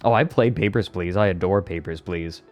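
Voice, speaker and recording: A man streamer in casual live chat, excitable and prone to repeating words in quick bursts. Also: low voice, dull audio, faint music behind.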